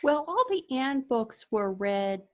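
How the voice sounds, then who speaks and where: A woman author being interviewed, talking in a measured, explanatory way and telling anecdotes. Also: a little high, big pitch swings, darkish tone. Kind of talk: casual interview chat.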